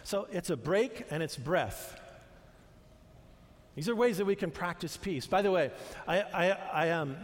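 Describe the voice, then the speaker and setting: Older man, pastor, earnest conversational sermon, slightly high voice, long hall reverb. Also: expressive, a little slow. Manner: conversational, earnest, with restarts and asides.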